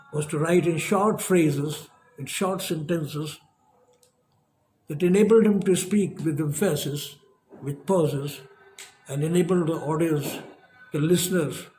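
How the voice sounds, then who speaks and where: Male professor, lecturing at an unhurried pace in a fairly high voice, pausing for emphasis. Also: dark tone, soft background music. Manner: measured, emphatic, with long pauses.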